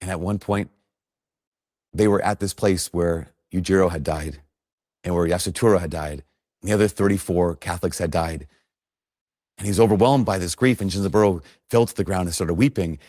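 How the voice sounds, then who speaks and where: A man's voice: deep voice, normal speed, darkish tone, no room sound, clean studio sound. A man preaching a sermon, telling a story earnestly and rising in emphasis at key points.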